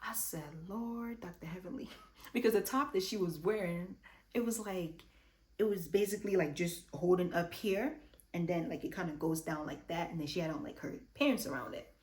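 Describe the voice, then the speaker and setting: A woman's voice: lowish voice, moderate pace. Chatty woman recapping reality TV. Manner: chatty and animated, acts out quotes. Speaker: reality TV reviewer. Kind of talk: casual recap commentary.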